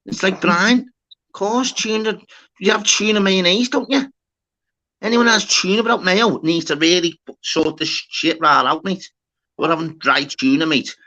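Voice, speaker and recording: A man's voice: high-pitched, normal speed, sharp tone. A man with a Scouse accent hosting a casual banter chat, brash and swearing constantly, calling everyone lad and mate. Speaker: host. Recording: dull lo-fi audio.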